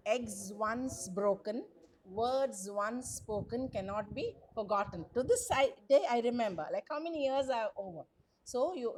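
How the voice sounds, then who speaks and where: A woman lecturer runs a college class over a video call, keeping it chatty, repeating words, and frequently questioning her students. Her voice leans high and a bit mellow, picked up by a computer mic.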